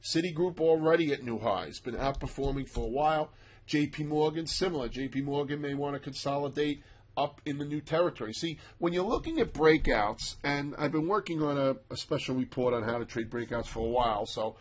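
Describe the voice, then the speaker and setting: A stock market analyst with a husky voice talks briskly and emphatically over charts, his pitch slightly raised. The commentary is casual and animated, dotted with self-mocking asides.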